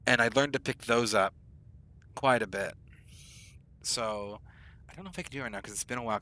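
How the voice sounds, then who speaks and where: A man's voice: mid-range voice, pushed and bright. A man, streaming a game and chatting in a rambling, easygoing way. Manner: rambling and chatty, lots of fillers. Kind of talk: casual chat while gaming.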